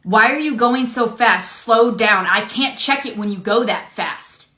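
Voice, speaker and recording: A woman's voice: fairly high pitch, measured pace, pushed and bright. A woman playing an entitled, condescending customer in a comedy skit, demanding and indignant. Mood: shrill, bossy. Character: entitled rude middle-aged woman customer. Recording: roomy echo.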